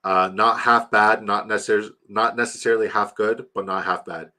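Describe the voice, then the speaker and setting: A man's voice: fairly low pitch, steady tone, normal speed, pushed and bright. A man live-streaming fantasy football, grading viewers' drafts in a loose, joking, sometimes profane way while rattling off lists of player names.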